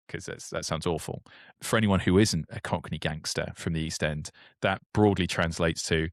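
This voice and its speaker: Low-voiced man, animated podcast chat. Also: brisk, no room sound, studio quality. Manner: animated, restarts, pitch jumps up when excited. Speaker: podcast co-host. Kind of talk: casual chat.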